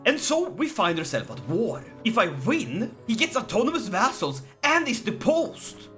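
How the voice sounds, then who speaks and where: Guy doing let's play commentary, swoopy lively voice, dramatic and excitable, kinda tense bright tone. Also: sits high, unhurried, hardly any pauses, soft background music. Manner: theatrical, mock-heroic and excitable. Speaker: gaming commentator.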